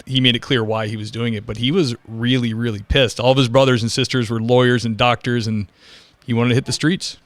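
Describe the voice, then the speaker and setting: A man's voice: medium pitch, steady tone, brisk, no room sound. A man hosting a podcast interview, a police officer chatting frankly and rambling through his own stories. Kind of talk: casual interview chat.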